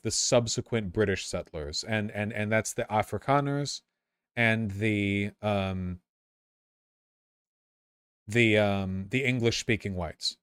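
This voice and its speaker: A man's voice: lowish voice, clean tone, no echo, studio quality. A man reading a history text aloud and breaking off into casual, sarcastic asides, often stumbling and repeating words.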